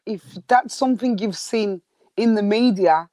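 A woman's voice: mid-range voice, unhurried, mellow. A woman in a casual group debate who jumps in and firmly disagrees, laying out her counterpoint. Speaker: discussion panelist.

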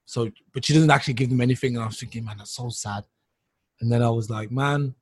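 Co-hosting a casual talk show, a fast-talking man with a husky, mid-range voice and fairly even intonation rambles through his stories, frequently starting over and laughing as he speaks. The recording is dry.

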